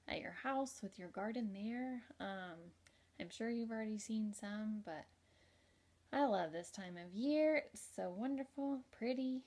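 Slow, gentle woman reading to kids. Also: mid-range voice. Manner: gentle, slow and expressive, asking the listener questions. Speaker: teacher. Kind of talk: reading a picture book aloud to young children.

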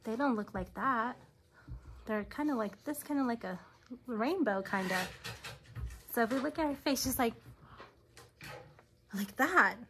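A woman teaching a recorded preschool lesson, speaking slowly and patiently with lots of simple questions. Her voice sits fairly high. The recording carries clear background noise and clicks. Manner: slow, patient, questioning tone for small children. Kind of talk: recorded classroom lesson for young children.

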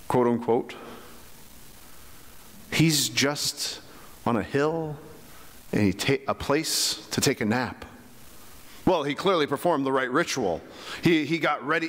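Conversational pastor in an echoing church. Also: male voice, on the high side. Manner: conversational, full of rhetorical questions. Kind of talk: sermon. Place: church sanctuary.

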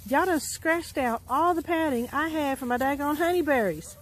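A woman's voice: high-pitched, animated, moderate pace. A woman in a casual vlog, scolding her chickens in an exasperated, chiding way in an outdoor backyard garden, filmed on a phone. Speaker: backyard homesteader.

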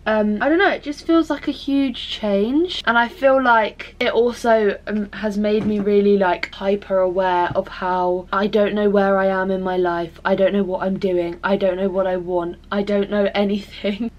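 A young woman pours out her feelings in a loose, meandering vlog. She circles around her thoughts, leans on constant fillers and swears casually as she does her makeup. Her pitch sits in an ordinary middle range. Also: steady tone, measured pace, hardly any pauses, darkish tone, highs cut off, slight background noise. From England. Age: 20s. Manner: rambling and emotional, full of "like" fillers, swears freely. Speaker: vlogger. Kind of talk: confessional casual chat while doing makeup.

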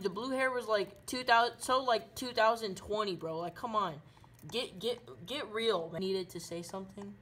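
A woman doing loud, silly running commentary while playing a game. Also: mid-range voice, noisy background. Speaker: gaming video creator.

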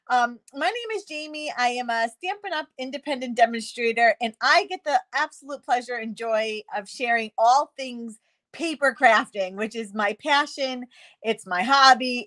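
A woman's voice: high voice, fairly bright tone. A woman hosting a live crafting stream, chatty and bubbly, greeting viewers by name and laughing often. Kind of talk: casual live-stream chat.

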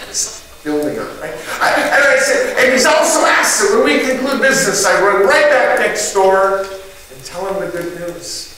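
A middle-aged man giving a motivational talk to a live group, an animated storyteller who acts out the people in his story and shouts their lines. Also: sits high, normal speed, a crowd in the background. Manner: animated storyteller acting out neighbors with loud shouted voices. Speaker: motivational speaker. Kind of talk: storytelling keynote speech. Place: event hall in front of a live group. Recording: distant echoey hall recording with noise.

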